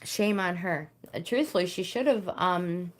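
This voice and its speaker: Older woman, lowish voice, live-stream host doing card readings, halting and full of fillers. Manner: hesitant, searching for words, many fillers. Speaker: livestream host reading oracle cards.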